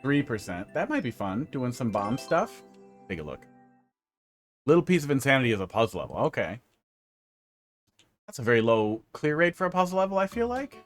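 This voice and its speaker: Faint music plays behind this male streamer as he works through a level-building game. His mid-range voice is very animated and a little fast, broken up by long pauses. He gives casual live-stream commentary, chatty and rambling, joking around and humming to himself now and then.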